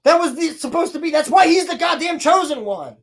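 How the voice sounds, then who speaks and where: A woman on a podcast, casually recapping a show with sarcasm and a lot of swearing, slipping into quick playful voices for quoted lines. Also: sits high, animated. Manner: sarcastic, profane, mocking. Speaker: podcast co-host reviewing a TV show. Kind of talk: casual chat.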